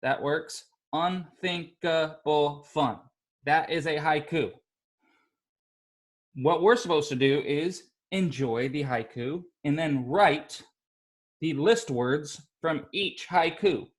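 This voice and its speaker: Here a male teacher at an elementary school works with a class of small children, cheerfully encouraging them while slowly breaking words into syllables. His voice leans high.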